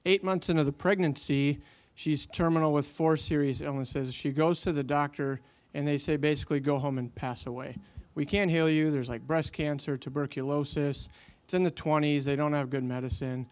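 A man's voice: a little high, steady tone, normal speed, darkish tone. A man telling a long faith story in casual conversation, animating the quotes he tells, with many fillers.

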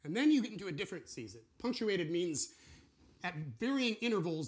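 Male preacher, casual teaching tone, voice sitting a little high, very expressive delivery that acts out little dialogues. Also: fairly quick. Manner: animated, acts out voices of God and believers. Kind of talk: casual teaching sermon with drawings.

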